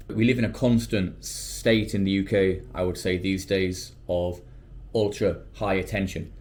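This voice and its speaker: Lowish-voiced British man vlogging. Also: unhurried. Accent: British English. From United Kingdom. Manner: animated, slips into quoted voices. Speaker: English teacher and vlogger. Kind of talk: casual talk to camera.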